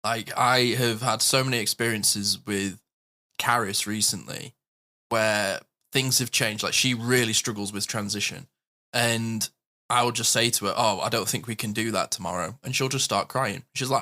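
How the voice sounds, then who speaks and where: A man chatting on a podcast with a bright, forceful tone, telling candid personal stories. He laughs easily and speaks with animation. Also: lowish voice, fairly even intonation, moderate pace. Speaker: podcast co-host. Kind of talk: casual podcast chat.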